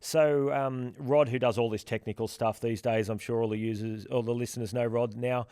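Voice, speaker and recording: A man co-hosting a casual podcast, his talk loose and rambling, full of restarts. His voice sits at an ordinary middle pitch. The recording is close and dry, with no room sound. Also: moderate pace, clear, resonant tone, no room sound. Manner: relaxed, rambling with many restarts and fillers. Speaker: podcast co-host from the platform's team.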